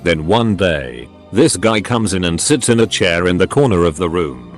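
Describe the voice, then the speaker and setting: A man reading short funny stories aloud as a scripted narration, with a lively storytelling delivery. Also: low voice, moderate pace, faint music behind.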